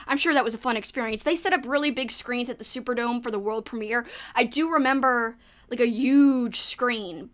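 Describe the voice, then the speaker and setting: A woman's voice: on the high side, fairly bright tone. A woman with a New Orleans accent, hosting a casual livestream and chatting while reading viewer comments. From New Orleans, Louisiana. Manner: chatty, rambling, quick asides. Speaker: livestream host.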